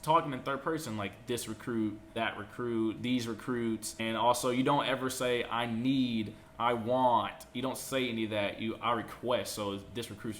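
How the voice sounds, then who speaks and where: A young man talking casually to camera, giving advice in a quick, animated way and now and then acting out shouting drill instructors in a shrill voice. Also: a little hiss or hum. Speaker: vlogger giving boot camp advice.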